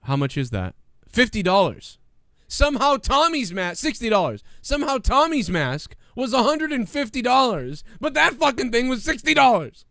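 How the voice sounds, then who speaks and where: A man's voice: very high-pitched, very animated, normal speed, creaky, pushed and bright, no echo, studio quality. A man hosting a casual comedy podcast, rambling and joking with lots of fillers. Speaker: podcast host.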